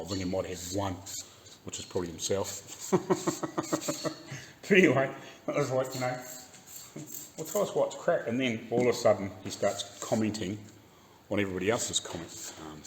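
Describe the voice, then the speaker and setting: Low-voiced New Zealand man ranting. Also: slight background noise. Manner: swears freely, laughs often, mimics others. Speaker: car restoration YouTuber. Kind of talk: casual rant while working in garage. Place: home workshop garage.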